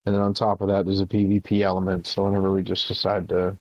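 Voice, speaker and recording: A man's voice: deep voice, monotone, fast talker, no room sound, muffled recording. A man co-hosting a casual comedy podcast, swearing freely and laughing often. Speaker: podcast co-host.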